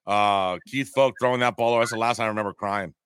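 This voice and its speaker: A man's voice: fairly low pitch, fairly even intonation, fast, fairly bright tone, smooth, dry recording. Rambling man in his forties on a call. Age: 40s. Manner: rambling, self-deprecating, repeats words. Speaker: guest. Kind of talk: casual chat.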